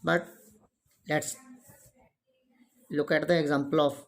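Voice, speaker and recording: A man's voice: on the high side, little pitch movement, unhurried, pauses often, a little mellow. A man, teaching English pronunciation step by step and glossing words in Hindi. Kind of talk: classroom lesson on pronunciation.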